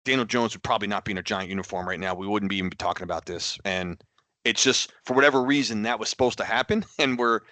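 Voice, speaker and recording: Man, podcast co-host, bright forceful tone, dry close sound, rambling, exasperated, many restarts. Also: lowish voice, fast, no echo. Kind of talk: casual sports chat.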